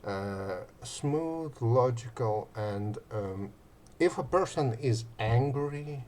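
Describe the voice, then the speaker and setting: Slow, rambling man with lively pitch. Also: slight background noise. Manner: slow, rambling, many fillers, swings between loud and quiet. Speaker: channel host. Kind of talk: casual talk on relaxation and rapport.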